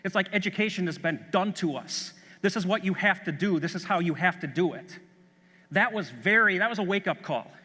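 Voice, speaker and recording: A middle-aged man from Chicago gives an eager, anecdote-filled keynote at a conference. His voice sits high for a man and comes across sharp and forceful. A long hall reverb trails behind every phrase. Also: animated, fairly quick. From Chicago, USA. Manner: enthusiastic anecdotal storytelling. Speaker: school superintendent.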